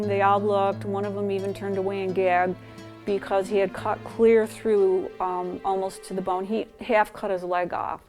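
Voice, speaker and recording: A middle-aged woman calmly recalls family stories in a documentary interview. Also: mid-range voice. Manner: calm, fond storytelling.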